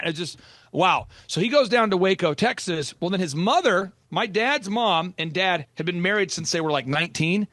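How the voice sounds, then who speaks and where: A man's voice: high voice, expressive, normal speed, a bit bright, dry recording, clean studio sound. A middle-aged man from Oklahoma, a podcast host telling a personal story with energy and acting out the people he quotes. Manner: storytelling, acts out quoted voices. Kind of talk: animated storytelling in a podcast chat.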